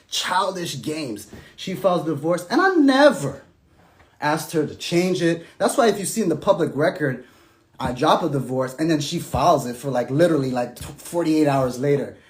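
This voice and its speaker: A man talking casually and emphatically about his marriage, sometimes dropping to a soft, low tone as he recounts events. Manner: animated and emphatic, sinking to soft, low tones when recounting. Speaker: estranged husband telling his side. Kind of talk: casual monologue.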